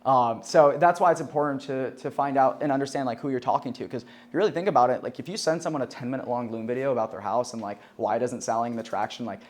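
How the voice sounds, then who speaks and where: A man's voice: medium pitch, fast talker, few pauses. A young man teaching a sales class in a loose, chatty way, leaning on "like" and "right?" and swearing casually. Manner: swears casually and laughs at his own jokes. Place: classroom with a live audience.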